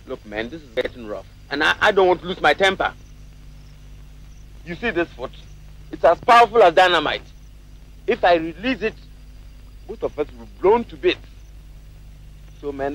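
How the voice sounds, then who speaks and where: Boastful trickster Ananse. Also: male voice, a little high, pushed and bright, full character voice. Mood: blustering. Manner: blustering, wheedling, switches languages. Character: boastful trickster Ananse, sly adult man. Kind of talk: 1960s film acting. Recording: dull lo-fi old film sound.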